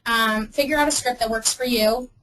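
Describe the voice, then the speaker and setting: A young woman with a fairly high voice talks through a webinar in a chatty, upbeat way, filling pauses with ums. A faint hiss and some clicks sit under the recording. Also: steady tone, a bit bright, low-quality recording. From Arizona. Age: young adult. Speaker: webinar presenter. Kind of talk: casual webinar talk.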